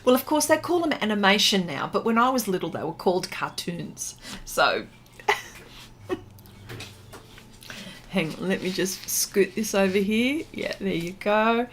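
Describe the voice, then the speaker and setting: A woman's voice: medium pitch, animated, a little slow, long pauses, fairly bright tone, slight background noise. A middle-aged woman hosting a casual art livestream, chatting, reading viewer comments aloud and laughing often. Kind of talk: casual livestream chat while painting.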